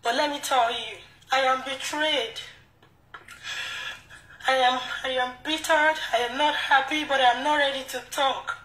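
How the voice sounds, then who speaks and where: A young woman with a Yoruba accent speaking to camera in an emotional monologue, pleading, apologetic and halting. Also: high voice, steady tone, fairly bright tone, roomy sound, recorded from a distance, rough recording. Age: young adult. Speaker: video creator.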